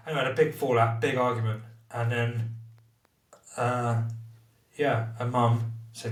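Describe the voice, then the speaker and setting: A man's voice: medium pitch, fairly even intonation, measured pace, roomy sound, far from the mic. A man, talking candidly as an interview guest about his recovery from addiction, blunt and rambling with heavy swearing.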